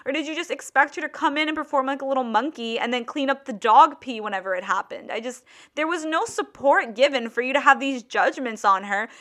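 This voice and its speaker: A woman in her twenties hosting a podcast, telling a story in a casual, animated way with lots of "like". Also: sits high, brisk, hardly any pauses. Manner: chatty, heavy use of "like", animated retelling. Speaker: podcast host.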